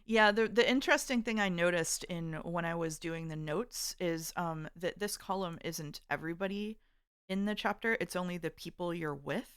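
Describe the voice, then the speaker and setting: A woman streamer chatting casually, recapping slowly with lots of ums and uhs. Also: fairly low pitch, smooth, no room sound, studio quality. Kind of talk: casual chat.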